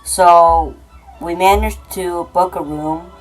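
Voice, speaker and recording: A woman's voice: lowish voice, fairly even intonation, slow pace, low-quality recording. A woman vlogging casually while travelling, talking straight to her viewers with many fillers. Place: airport and airplane. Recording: loud music over the voice.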